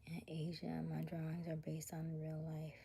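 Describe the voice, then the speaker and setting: A woman hosting a whispered ASMR livestream, softly reading viewer comments aloud in a breathy voice. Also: deep voice, completely flat delivery, normal speed. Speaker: livestream host.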